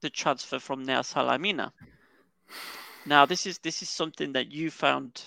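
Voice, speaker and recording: A man's voice: mid-range voice, normal speed, gravelly, bright, forceful tone, no echo. A man co-hosting a casual football podcast over a remote call, telling stories in a chatty way and chuckling mid-sentence. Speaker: podcast co-host.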